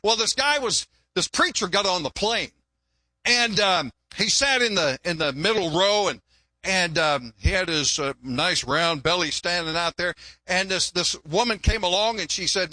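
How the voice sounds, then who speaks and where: Older pastor with a bright voice. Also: male voice, high voice, lively intonation, normal speed, dry recording. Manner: folksy joke-telling preacher, repeats words. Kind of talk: sermon. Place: church.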